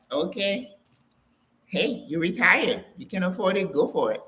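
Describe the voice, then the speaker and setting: A woman's voice: lowish voice, very animated, a little slow, a bit bright. An older woman hosting a live Q&A, chatting casually, laughing often and greeting viewers by name. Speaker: host of a live Q&A for retiring women. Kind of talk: casual live-stream chat.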